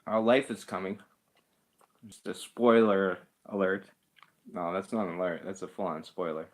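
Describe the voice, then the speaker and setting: A man hosts a livestream, reading live comments and chatting casually, rambling with chuckles and self-deprecating asides. His voice sits low, with a steady tone at normal speed.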